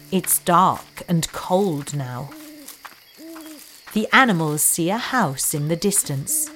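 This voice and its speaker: Woman storyteller, lowish voice, very slow and clear, simple sentences for kids. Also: fairly bright tone. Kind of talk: children's story narration. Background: music.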